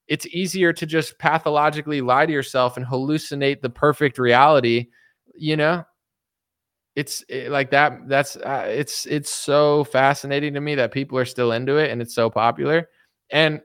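A man doing casual political commentary, talking quickly and mockingly with many fillers and acted-out quoted voices. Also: on the high side, fairly bright tone, no echo, studio quality. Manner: rapid, mocking, full of fillers.

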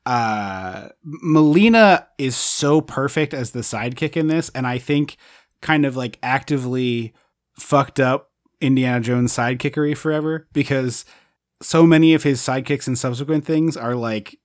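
A man hosting a podcast, rambling with enthusiasm about a movie in casual chat and often trailing off quietly. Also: mid-range voice, normal speed. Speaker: podcast host.

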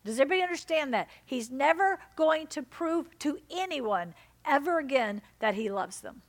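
Emphatic woman preacher, fairly high voice. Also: lively intonation, moderate pace. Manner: emphatic, swings between loud exhortation and soft intimate lines. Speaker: pastor. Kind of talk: sermon.

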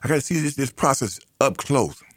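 A man's voice: mid-range voice, animated, fairly quick, no room sound, studio quality. A middle-aged man, hosting a talk radio monologue in an earnest, repetitive, conversational way. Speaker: radio host.

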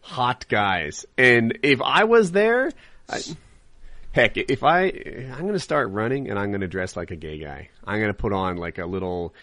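A man hosting a podcast, talking in a loose and candid way with plenty of restarts. His pitch rises and falls a lot as he goes. The sound is dry, with no room echo. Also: big pitch swings, unhurried, fairly bright tone. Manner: candid, rambling, laughs easily, frequent restarts. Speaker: podcast host and live streamer. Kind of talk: casual chat.

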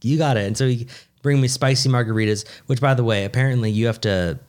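A young man, a podcast co-host, telling a rambling, animated story in casual chat, swearing freely and restarting his sentences. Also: mid-range voice, fast.

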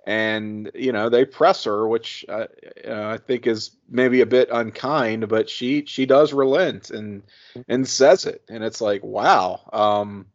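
A man's voice: on the low side, slow pace. Laughing man on a podcast. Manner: laughs often, many restarts and fillers. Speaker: podcast co-host or guest. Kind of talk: casual chat. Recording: muffled podcast audio.

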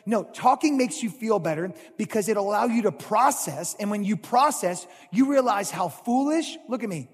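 Husky, high-pitched male pastor, animated sermon delivery, long hall reverb. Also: normal speed, few pauses. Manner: animated preaching, swings from loud to hushed.

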